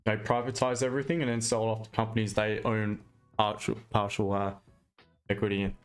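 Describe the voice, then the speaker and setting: A man's voice: lowish voice, flat delivery, brisk, faint music behind. A man with an Australian accent, chatting casually and bluntly on a live trading stream, ranting with mild swearing.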